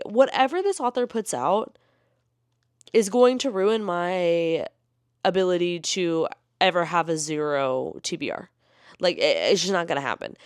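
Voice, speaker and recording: A woman's voice: on the low side, dry recording. Woman rambling on about a book she loves, all emotional, voice jumps all over, dead dry room. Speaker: book vlogger. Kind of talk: casual vlog chat.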